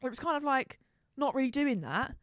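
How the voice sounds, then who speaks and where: Woman co-host, casual gamer chat, giggly and sweary, slightly high voice, dry close sound. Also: expressive, brisk, fairly bright tone, no room sound. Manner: giggly, swears freely, acts out game lines. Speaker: podcast co-host.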